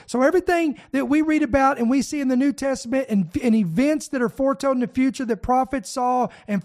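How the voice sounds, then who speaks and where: Preacher, high voice, fervent sermon, reads scripture, exhorts listeners. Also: darkish tone.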